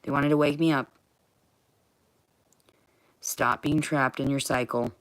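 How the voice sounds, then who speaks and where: A woman's voice: a bass voice, fairly even intonation, slow. Profane rambling woman vlogger. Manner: rambling, profane, swings from quiet to shouting. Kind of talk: rambling monologue vlog.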